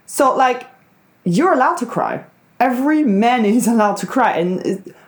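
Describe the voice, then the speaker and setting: Young woman ranting solo on her podcast, swears a lot, rambly and emphatic, normal mid pitch. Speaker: podcast host. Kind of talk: casual solo chat.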